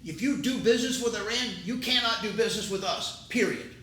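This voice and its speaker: A man's voice: fairly quick, fairly bright tone. A man hosting his own political commentary show, talking in an emphatic, indignant way. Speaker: host. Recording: roomy, distant mic, faint rumble.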